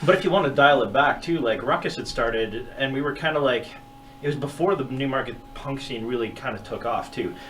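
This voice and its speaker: A guitarist guest on a radio show, talking in a relaxed, hesitant way with many fillers. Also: male voice, mid-range voice, fairly quick, recorded from a distance, slight background noise. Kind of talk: casual radio interview. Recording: voice a bit off mic.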